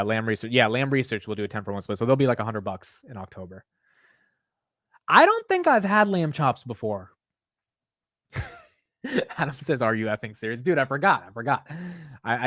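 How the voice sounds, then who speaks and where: A man's voice: mid-range voice, a bit bright, dry recording, clean studio sound. A young man hosting a casual stock market livestream, chatting loosely, swearing and laughing at himself while reading chat aloud.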